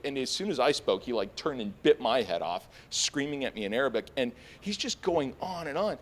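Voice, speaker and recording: A young man telling a personal story live on stage, casual and animated, with frequent fillers and sudden high-pitched jumps when he quotes his own panic. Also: a little fast, few pauses.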